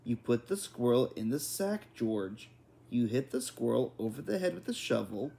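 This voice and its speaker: A man voicing an exasperated, bossy mother who spells her words out slowly and firmly. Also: medium pitch, lively intonation, dark tone, natural voice. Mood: insistent. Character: exasperated bossy mother, middle-aged woman.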